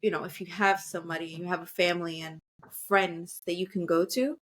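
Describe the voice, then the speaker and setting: A woman's voice: lowish voice, steady tone, a little fast. A woman co-hosting a podcast in casual chat, talking in a reflective, rambling way with many fillers. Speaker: podcast co-host.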